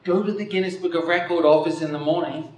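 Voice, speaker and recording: A man's voice: on the high side, steady tone, quick pace, a crowd in the background, close to an everyday voice. A man putting on a bossy Irish barman. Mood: exasperated. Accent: put-on Irish. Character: Irish bartender scolding three drinkers. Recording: echoey hall from far off.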